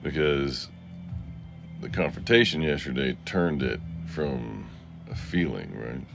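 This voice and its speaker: A man hosting a solo podcast in a rambling, confessional way. He swings between low murmurs and sarcastic outbursts, and he answers listener comments. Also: animated, slow, creaky, music in the background. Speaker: podcast host.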